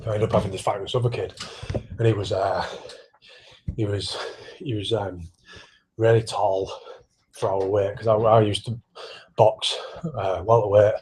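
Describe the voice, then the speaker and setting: A man's voice: on the low side, level tone, normal speed, long pauses, background noise. A man in casual livestream chat, answering viewer questions while pedalling an exercise bike, rambling, swearing freely and poking fun at himself.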